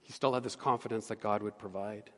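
A middle-aged man, a pastor, preaching a sermon with earnest emphasis that drops to hushed tones. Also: on the low side, fairly even intonation, fairly quick, long reverb tail. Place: church sanctuary.

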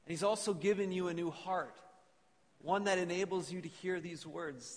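A man's voice: sits high, moderate pace. A man preaching an earnest sermon to a congregation and reading scripture aloud in a church. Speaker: pastor. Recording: long reverb of a church hall.

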